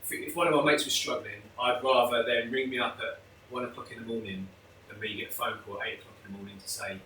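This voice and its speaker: A man with a mid-range, pushed, bright voice talks fast in a steady tone, appearing as a guest in a candid conversational interview. He speaks openly and emotionally with many restarts, recorded from a distance in an echoey room with slight background noise.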